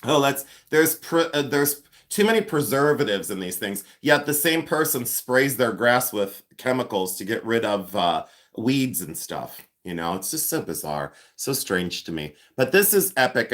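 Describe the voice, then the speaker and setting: A man's voice: medium pitch, very animated, moderate pace, a bit bright. A man in his fifties hosting a casual livestream, rambling and joking as he chats with viewers by name. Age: 50s. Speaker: livestream host and jewelry collector.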